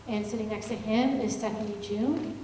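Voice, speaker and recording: Heard from a distance in a big, echoey public meeting hall with a faint hum, a woman with a mellow, medium-pitched voice chairs a public agency meeting. At normal speed and with fairly even intonation, she warmly introduces the panel, using lots of fillers.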